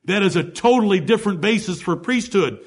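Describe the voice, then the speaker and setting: A man's voice: high voice, animated, brisk, husky. A man preaching a sermon, teaching through Bible verses one by one in an emphatic way and asking the congregation rhetorical questions.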